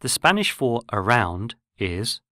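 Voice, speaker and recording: Male narrator for a language course, measured and explanatory, mid-pitched, dry close recording. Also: very animated, bright, forceful tone, dry recording. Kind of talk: scripted lesson narration.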